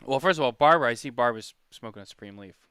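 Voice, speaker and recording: A man's voice: mid-range voice, lively intonation, rapid-fire, bright, forceful tone, clean tone, no echo, clean studio sound. A man hosting a podcast in casual chat, rambling and chatty as he reads comments. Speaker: podcast host.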